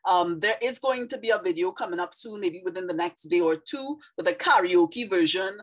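A woman's voice: lowish voice, normal speed, low-quality recording. A woman from Trinidad and Tobago with a light Trinidadian accent, speaking casually and earnestly straight to her viewers as a video creator.

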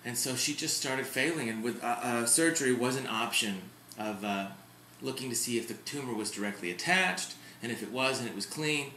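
A man's voice: mid-range voice, brisk, a little hiss or hum. A middle-aged man talking candidly to his camera at home in a casual vlog. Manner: chatty and candid, with sudden loud outbursts. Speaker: vlogger. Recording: echoey room.

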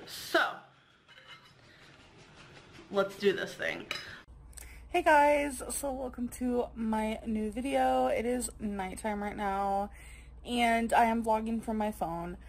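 A woman vlogging casually to camera, chatty and excitable with frequent giggles. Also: a little high, slow, creaky, long pauses, a little hiss or hum, rough recording.

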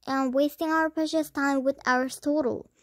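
A woman's voice: high-pitched, steady tone, moderate pace, no echo, clean studio sound, natural voice. A woman reading as rude mocking schoolboys. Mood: scornful. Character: rude, mocking young male students.

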